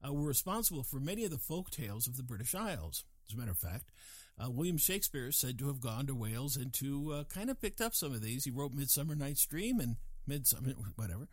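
A man musing in a casual monologue, digressive and animated, with chuckling asides. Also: medium pitch, quick pace, no room sound.

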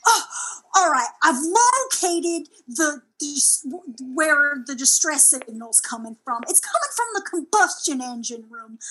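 Slow, lively, bright-voiced improvising woman. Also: sits high, low-quality recording. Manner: rambling, excitable storytelling with restarts. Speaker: comedy improviser playing a crew translator. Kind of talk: improvised comedy scene.

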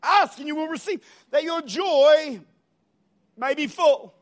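A man preaching a sermon in a church with an Australian accent, energetic and humorous, rising to shouts at high points. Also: slow pace. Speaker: pastor. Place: church auditorium.

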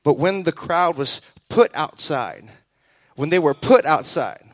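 A man preaching a sermon, emphatic and repetitive, building to loud calls and acting out the voices of people in his stories. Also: a little high, very animated, unhurried, dry recording. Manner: acts out quoted voices in the telling.

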